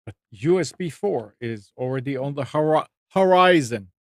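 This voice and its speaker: A man's voice: medium pitch, lively intonation, moderate pace, no echo. A radio host reads tech news and tosses in wry comments. His voice sits in a middle range. The studio sound is dry and close. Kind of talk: casual chat.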